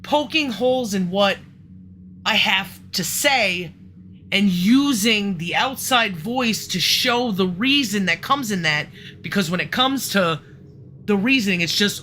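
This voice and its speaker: Frustrated host, profane, rambling, sharp bright voice. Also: medium pitch, expressive, unhurried, slight background noise. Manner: frustrated, profane and swearing often; rambling, breaks off and restarts sentences. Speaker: livestream host. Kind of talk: casual conversation.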